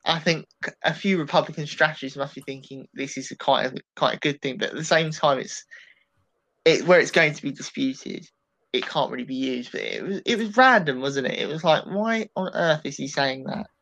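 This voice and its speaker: A man with an animated, rambling delivery, giving his take on a political debate in a casual podcast discussion. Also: a little high, moderate pace, gravelly, poor audio. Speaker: political commentator.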